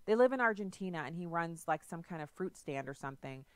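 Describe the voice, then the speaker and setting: A woman with a low, smooth voice hosts a political talk radio show. She talks conversationally, drifting into stories with asides. The sound is dry and close. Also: animated, fast talker, dry recording.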